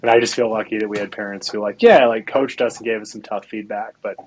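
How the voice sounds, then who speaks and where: A man hosts a podcast in a somewhat low voice. He tells stories with animation, peppers them with "like" and "you know," and swears casually. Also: fast talker, slight background noise, low-quality recording. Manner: animated storytelling, profane, many "like"s and "you know"s. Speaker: podcast host. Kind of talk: casual chat.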